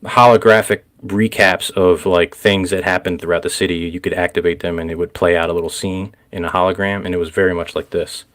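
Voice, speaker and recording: Lowish man rambling through a recap. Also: fairly quick, hardly any pauses. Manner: rambling, laughs often, gets excited. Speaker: podcast host. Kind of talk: casual recap chat.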